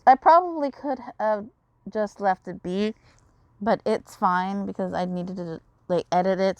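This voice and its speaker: A woman's voice: fairly low pitch, low-quality recording. A woman giving casual gameplay commentary, rambling and swearing in frustration. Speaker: game streamer.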